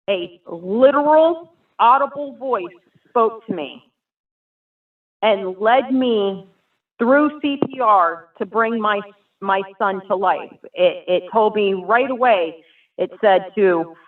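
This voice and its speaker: A woman giving an emotional personal testimony, telling her story earnestly and vividly. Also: mid-range voice. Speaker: guest sharing a personal testimony. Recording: tinny phone-like sound from far off.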